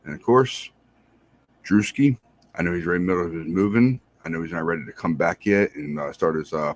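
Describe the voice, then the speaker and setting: A married man hosting a podcast, giving casual, rambling shout-outs to listeners and repeating himself in a friendly way. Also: deep voice. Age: adult, married. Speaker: podcast host.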